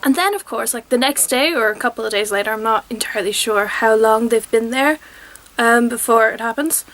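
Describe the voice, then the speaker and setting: A woman's voice: fairly high pitch, fairly quick, fairly bright tone. A young woman reviewing a TV episode in casual, enthusiastic, rambling chat, often acting out quotes. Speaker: TV review vlogger.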